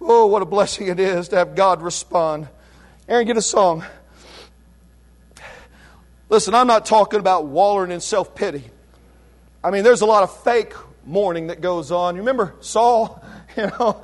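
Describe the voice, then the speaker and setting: A man preaching an impassioned revival sermon in church, shouting some lines and dropping to a hush on others, calling the congregation to answer back. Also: high-pitched, moderate pace, pauses often. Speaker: pastor. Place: church sanctuary.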